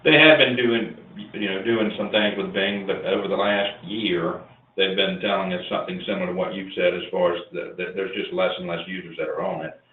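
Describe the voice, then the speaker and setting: A very deep-voiced man answers a consultant's questions, hedging a little as he talks. His voice arrives over a thin, phone-like line. It sounds roomy and echoey, with a faint hiss underneath. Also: fairly even intonation, a little fast, far from the mic. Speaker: real estate business client. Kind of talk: business consultation call.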